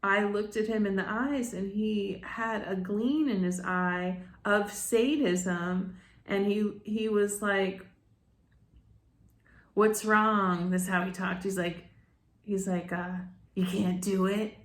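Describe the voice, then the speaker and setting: A woman's voice: medium pitch, fairly even intonation, slow pace, reverberant. A middle-aged woman channel host talking casually to her viewers, rambling with many restarts and calling them "you guys".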